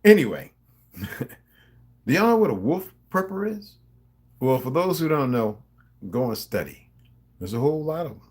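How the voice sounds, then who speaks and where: A man's voice: on the high side, sing-song, normal speed, long pauses, darkish tone, slightly rough. A middle-aged man with a New Jersey accent, talking to his subscribers in a rambling, profane, confrontational monologue. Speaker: vlogger.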